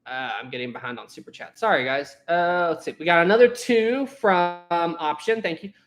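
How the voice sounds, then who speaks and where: Here a young man hosts a relaxed livestream, his voice a little high and his pace moderate. He goes through Super Chats out loud, rambling and laughing along the way.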